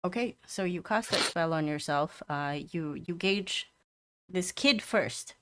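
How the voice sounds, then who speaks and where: A woman game master with a lowish voice. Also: animated, a little slow, background noise. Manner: descriptive, with many fillers and restarts. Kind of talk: narrating a tabletop game.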